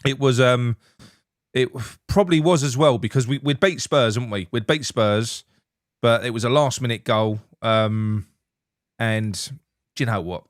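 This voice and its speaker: Man, casual football chat, sweary, joking, mid pitch, dry close sound. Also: unhurried, no echo. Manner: blunt, sweary, laughing banter. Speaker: show host.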